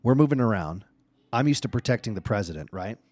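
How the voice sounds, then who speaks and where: A man hosting his own solo podcast, telling family gaming stories in a casual, animated way that swings from hushed to excited. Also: on the low side, fast, dry recording. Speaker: podcast host.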